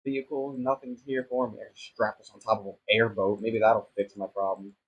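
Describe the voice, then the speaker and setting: A man's voice: on the low side, level tone, a little fast, slightly rough, lo-fi sound. A young man giving casual, self-mocking commentary on a sandbox building game, flustered and rambling as he fumbles along. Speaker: gaming YouTuber.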